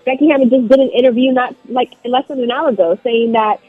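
Female sports reporter guest, husky voice, confident analysis, tinny phone line. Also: on the high side, fast, no echo, soft background music. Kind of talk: phone interview.

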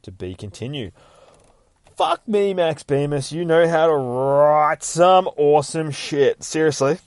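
Male podcast host, excitable and foul-mouthed, casual recap, dry close sound. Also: a little high, measured pace, clean tone, no echo. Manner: excitable, heavy swearing, self-mocking. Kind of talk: casual comic book recap.

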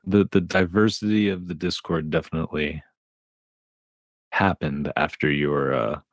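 A man's voice: very deep voice, fairly even intonation, measured pace, no room sound. A man co-hosting a casual podcast, trading dry joking banter. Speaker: podcast co-host.

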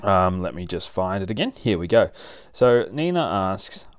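Hosting a relaxed advice podcast on dog training, a man with a somewhat low voice lays out each point in plain, chatty language. He often circles back and restarts sentences, though his delivery stays smooth at a moderate pace.

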